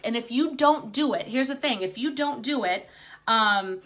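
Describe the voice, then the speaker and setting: A woman in her fifties talks straight to her viewers as a spiritual coach, cursing freely and filling gaps with "um" and "like". Her voice is bright and a touch high, and it comes across open and unguarded. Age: 50s. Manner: candid, swears freely, many fillers. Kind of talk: casual talk to camera.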